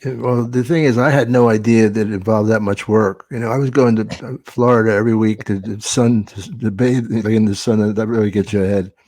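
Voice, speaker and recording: A man's voice: lowish voice, steady tone, a little fast, few pauses, a little mellow, dry recording. A man hosting a podcast, telling comedy stories in a casual, salty way with plenty of swearing. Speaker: podcast host.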